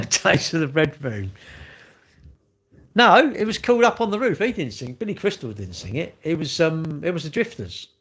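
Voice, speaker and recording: A man's voice: a little high, very animated, moderate pace, fairly bright tone. Cheeky man bantering with viewers. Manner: cheeky banter, jumps from topic to topic. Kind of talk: joking live chat with viewers.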